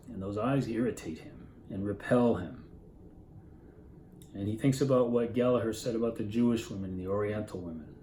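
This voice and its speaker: A man's voice: mid-range voice, mellow. Roomy-sounding man teaching literature casually. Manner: conversational, poses rhetorical questions. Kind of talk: casual classroom lecture. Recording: roomy echo with faint background noise.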